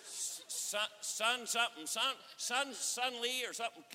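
A man preaching at a conference, telling a story with acted-out dialogue and rising to shouts. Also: extremely high pitch, measured pace, a little hiss or hum. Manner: animated, acts out dialogue, swells to shouting. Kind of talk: sermon storytelling. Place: church or conference hall. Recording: reverberant hall.

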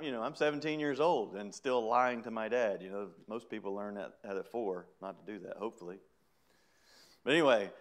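A middle-aged man preaching, telling his own story in a chatty way with laughs. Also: lowish voice. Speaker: preacher giving testimony. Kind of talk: sermon testimony.

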